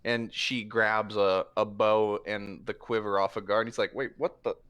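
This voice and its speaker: A man narrating as game master in a tabletop game, halting with many fillers. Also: lowish voice, level tone, a bit bright, clear, resonant tone. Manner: halting, filler-heavy narration with quick voiced asides.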